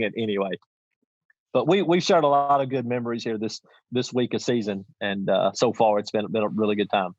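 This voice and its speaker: A man's voice: on the low side, fairly quick, darkish tone, no room sound. Man, middle-aged, folksy rambling storyteller, muffled dry lo-fi sound. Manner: rambling, many restarts, folksy. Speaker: podcast guest, champion goose caller. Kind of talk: casual storytelling.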